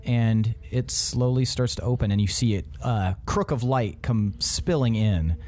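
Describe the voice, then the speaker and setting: A man narrating as dungeon master of a tabletop game, describing scenes slowly, with filler words. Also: mid-range voice, a little mellow, soft background music.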